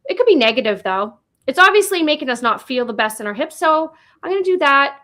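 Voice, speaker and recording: Chatty high-voiced Nova Scotia woman. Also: sing-song, fast, sharp tone. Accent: Canadian (Nova Scotia). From Nova Scotia, Canada. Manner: chatty, rambling, lots of fillers. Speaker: paranormal guest. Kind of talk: casual livestream chat.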